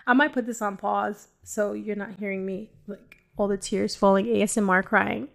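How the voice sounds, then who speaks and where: A woman's voice: medium pitch, fairly even intonation, takes it slowly, creaky, pauses often. A woman giving a casual personal faith testimony as a podcast host, rambling and joking with frequent laughs. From New York City. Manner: rambling, joking, laughs often between phrases.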